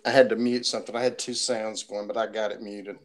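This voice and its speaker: A man's voice: lowish voice, level tone, quick pace. A man with a Southern accent, chatting casually on a livestream and answering in short, easygoing replies.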